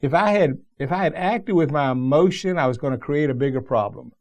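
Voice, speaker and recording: A man's voice: fairly high pitch, expressive, a little fast, darkish tone. A middle-aged male pastor preaching a sermon in a folksy, plain-spoken storytelling way, with emphatic asides.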